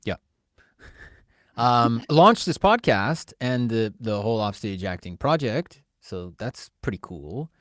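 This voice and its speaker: A man co-hosting a casual podcast, telling stories in an animated, joking way. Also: mid-range voice, takes it slowly, no echo, studio quality. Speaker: podcast co-host and producer.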